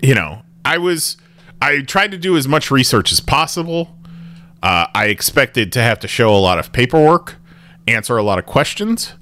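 A man's voice: mid-range voice, very animated, normal speed, pushed and bright. A man hosting a podcast in casual chat, rambling with restarts and laughing often. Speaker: podcast host.

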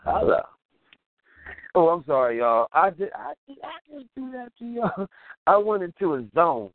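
Over tinny, phone-line call-in audio, a man with a high, very animated but unhurried voice hosts an internet radio show with no echo. His casual comedic monologue is full of laughter and little scenes acted out in quoted voices.

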